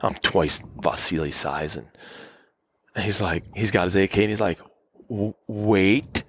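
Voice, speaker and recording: A man telling hunting stories in a relaxed, animated podcast conversation, acting out the people in his tales. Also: low voice, normal speed, slightly rough, dry recording. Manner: animated, acts out quotes. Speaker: guest hunter. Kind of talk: casual storytelling. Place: cabin.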